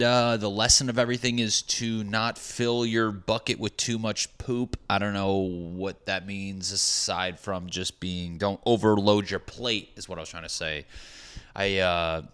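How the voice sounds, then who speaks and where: Low-voiced rambling comedian. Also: male voice, fairly bright tone, smooth. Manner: rambling, profane, jokey. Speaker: stand-up comedian. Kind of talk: casual comedic monologue.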